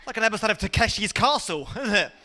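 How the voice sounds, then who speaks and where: A man's voice: high voice, expressive, quick pace, noisy background. A man with an English accent doing a stand-up comedy set, rambling and self-mocking, laughing often. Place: small hot enclosed room.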